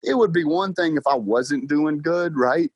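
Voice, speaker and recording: Telling stories unhurriedly in a higher voice, the young car salesman acts out dialogue and laughs often during a casual podcast interview, animated throughout. The recording has no room sound and its highs are cut off.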